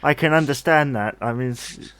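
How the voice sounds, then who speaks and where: A man's voice: mid-range voice, normal speed, fairly bright tone, clear, resonant tone. A man hosting a podcast interview, easygoing and curious, laughing along with his guests. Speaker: podcast host. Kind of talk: casual interview.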